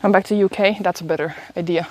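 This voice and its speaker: Walking uphill outdoors in a town, a young woman chats casually into her phone for a live stream in a lowish, steady voice, talking fast. Though a bit sick and stuffy, she rambles from story to story, laughing and swearing often.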